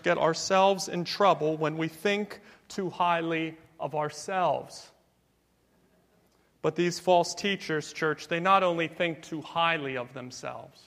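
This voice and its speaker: A man's voice: on the high side, fairly bright tone, in a large hall. A man preaching a sermon as pastor, with an emphatic cadence built on repetition.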